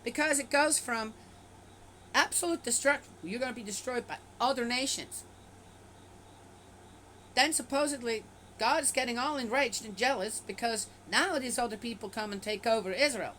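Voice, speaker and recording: A woman's voice: fairly high pitch, moderate pace, bright, forceful tone, slight background noise, rough recording. A woman reading a scripture passage aloud and stopping often to comment on it with skepticism, in a casual, offhand way. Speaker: bible reader and commentator.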